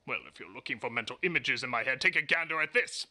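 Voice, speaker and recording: A man's voice: medium pitch, fast, bright, forceful tone, slight background noise. A man narrating a comedic film review, sarcastic and prone to exaggerated outbursts.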